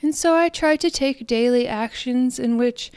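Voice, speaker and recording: A woman giving a reflective spiritual talk in a soft, earnest, meditative way, sometimes slowing and fading to near-whispers. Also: high-pitched, clean tone, dry recording. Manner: soft, slows down and trails off into near-whispers on repeated phrases. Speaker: spiritual podcaster.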